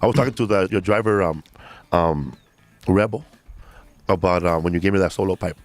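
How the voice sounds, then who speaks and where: A male guest in casual chat who jokes crudely and talks in quick bursts full of fillers. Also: sits low, no echo.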